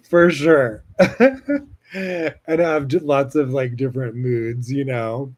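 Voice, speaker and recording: Male podcast host, casual rambling monologue, chatty and gushing with lots of fillers and profanity, medium pitch. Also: very slow, dull audio. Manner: frequent laughter, swings loud and soft. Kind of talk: casual personal storytelling monologue.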